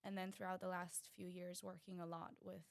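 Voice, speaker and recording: A woman's voice: on the low side, level tone, fairly quick, creaky. A young Israeli woman, a native Hebrew speaker with an American-tinged English accent, chatting as an interview guest, laughing often and dropping in Hebrew words. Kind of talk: casual interview chat.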